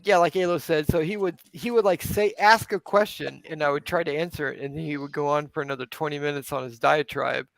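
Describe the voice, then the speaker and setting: First-timer caller, gravelly voice, dead-dry close mic, halting and laid-back. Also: male voice, on the high side, steady tone, a bit bright, no echo, rough recording. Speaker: first-time guest in a live chat. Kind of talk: casual group call chat.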